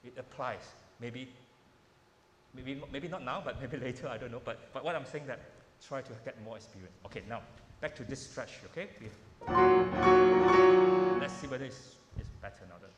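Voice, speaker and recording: A man leads a piano masterclass with loose, encouraging coaching and often repeats his words. His voice rings in a large hall with a long, roomy echo, and piano playing is heard clearly behind him. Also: medium pitch, moderate pace, long pauses, a bit bright. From Malaysia. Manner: informal coaching, repeating words, non-native phrasing. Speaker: piano teacher giving a workshop. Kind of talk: masterclass teaching.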